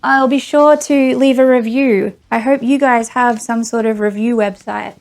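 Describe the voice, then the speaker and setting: A woman's voice: on the high side, steady tone, a little slow, gravelly, few pauses, darkish tone. A woman doing a casual unboxing vlog, sarcastic and exasperated, often laughing. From Australia. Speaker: vlogger.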